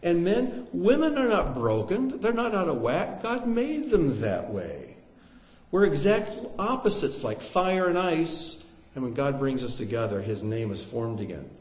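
Lively preacher in an echoey hall. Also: male voice, on the high side, normal speed. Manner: animated, joking asides, swings between loud and hushed. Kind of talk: sermon.

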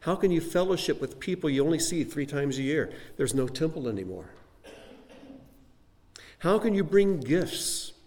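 A man's voice: a little high, expressive, normal speed, darkish tone. A man teaching a Bible lesson in a conversational, folksy sermon style with frequent asides to his listeners.

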